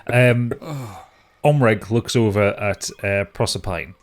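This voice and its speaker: A man's voice: on the low side, takes it slowly. A man narrating a tabletop game as game master, in a hesitant way with many restarts.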